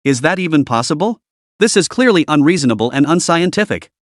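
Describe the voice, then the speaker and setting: A man narrating a web novel audiobook with lively, dramatic storytelling. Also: fairly high pitch, a little fast, no echo, clean studio sound.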